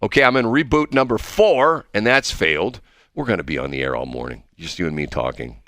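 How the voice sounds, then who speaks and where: A man's voice: lowish voice, animated, brisk, a bit bright, no room sound, clean studio sound. A man hosting a radio show, joking and flustered in casual on-air banter.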